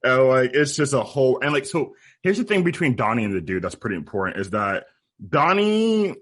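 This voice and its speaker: A man co-hosting a podcast, retelling film scenes in an animated, laughing way. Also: medium pitch, fairly quick. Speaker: podcast co-host. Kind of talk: casual film review chat.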